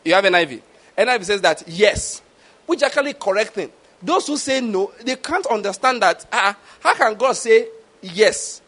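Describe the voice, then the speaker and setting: A man preaching a sermon, animated, often checking that listeners follow his point. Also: high voice, normal speed. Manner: animated, keeps asking "do you get my point?".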